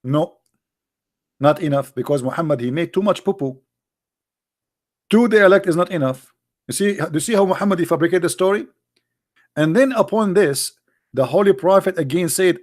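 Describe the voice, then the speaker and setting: High-voiced sarcastic man. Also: moderate pace, long pauses. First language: Arabic. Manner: sarcastic, emphatic rhetorical questions. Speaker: religious critic. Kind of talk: polemical monologue.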